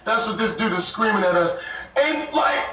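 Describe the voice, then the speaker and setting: A man telling a story in casual, animated talk, often cursing and laughing as he goes. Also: high voice, moderate pace. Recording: echoey room, mic far off.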